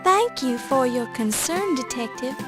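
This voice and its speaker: Plucky young woman reporter, bright-pitched, politely pushy. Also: lively intonation, a little slow, over music. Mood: insistent. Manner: polite but insistent. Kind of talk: 1990s adventure game voice acting.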